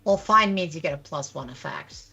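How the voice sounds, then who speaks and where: A woman's voice: low voice, expressive, moderate pace, gravelly, pushed and bright, breathy edge, dull audio, faint music behind. A woman at a tabletop game making dry, rules-focused remarks. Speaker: player.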